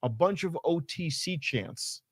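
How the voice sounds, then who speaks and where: A man casually recapping a wrestling show, animated and rambling, with lots of fillers and swearing. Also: a little high, measured pace, slightly rough, dry recording, studio quality. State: hot and sweaty. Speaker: podcast co-host.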